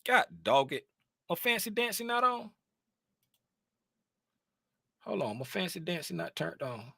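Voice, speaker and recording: A man casually walking through a chart on a screen share, thinking out loud and talking to himself in a chatty, animated way. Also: high-pitched, normal speed, vocal fry, no echo, studio quality. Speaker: trading educator.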